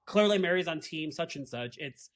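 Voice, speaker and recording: A man's voice: on the high side, lively intonation, normal speed, background noise. A man co-hosting a podcast, recapping a reality show in a casual, emphatic and opinionated way. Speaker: podcast co-host.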